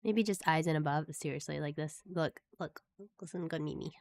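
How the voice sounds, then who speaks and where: This woman streamer chats casually with her viewers while gaming, reading the game's text aloud as she goes. Her voice is low and darkish, a little fast, and the recording has no echo.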